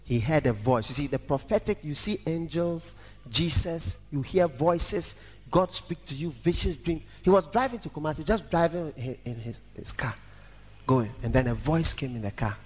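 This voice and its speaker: A man preaching a sermon dramatically, shouting at times and breaking into song. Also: very animated, measured pace. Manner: dramatic, shouting and singing, wide swings in pitch. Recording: echoey hall reverb.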